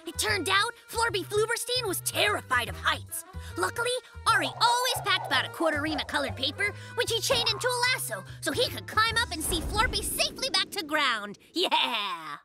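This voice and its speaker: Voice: very high-pitched, sing-song, moderate pace, exaggerated voice. An actor voicing a playful young male bear in a cartoon, telling a story in bouncy rhymes. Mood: cheerful. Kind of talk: cartoon voice acting. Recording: cartoon soundtrack with music.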